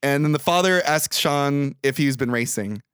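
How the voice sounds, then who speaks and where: A young man recapping a movie in casual podcast chat, animated, profane and mock-exasperated. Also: mid-range voice, moderate pace, clean tone, no room sound, studio quality. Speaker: podcast co-host.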